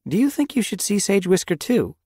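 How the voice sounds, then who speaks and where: A man voicing a caring, practical female mentor cat in a storybook reading, giving gentle advice. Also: high voice, very animated, fairly quick, slightly rough, dry recording, studio quality, pitched above the performer's own voice, exaggerated voice. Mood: advising. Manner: advising, gentle.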